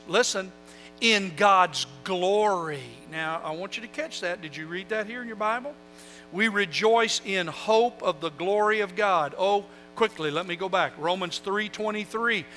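A man preaching with a high, ringing voice that carries. He moves from loud calls to the congregation down to quiet, confiding asides. Faint music hums underneath. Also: rough recording. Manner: animated preaching, swinging from loud calls to soft asides, with call-and-response. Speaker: pastor. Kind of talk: sermon.

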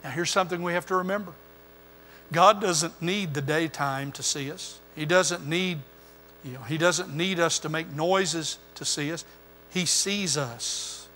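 Bright-voiced older man preaching in a church. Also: fairly high pitch, measured pace, a little hiss or hum. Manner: preaching with rising emphasis and repetition. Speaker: pastor. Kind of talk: sermon. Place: church sanctuary. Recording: long hall reverb.

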